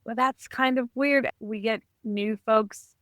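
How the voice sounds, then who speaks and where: A woman guest on a podcast, telling a personal family story in an animated, conversational way. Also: on the high side, slow, no echo. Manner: animated, acts out quoted dialogue.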